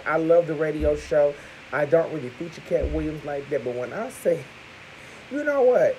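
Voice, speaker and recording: A man in character as a security guard, delivering a sassy, gossipy comedic rant to camera with loud exclamations. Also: fairly high pitch, lively intonation, normal speed, a little hiss or hum, poor audio.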